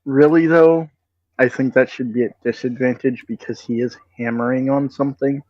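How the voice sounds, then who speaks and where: A man's voice: mid-range voice, fairly even intonation, normal speed, a little mellow, dry recording. Man, tabletop player, argumentative, joking, casual, dry muffled lo-fi recording. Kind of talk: casual chat at a game table. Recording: dull dry lo-fi mic.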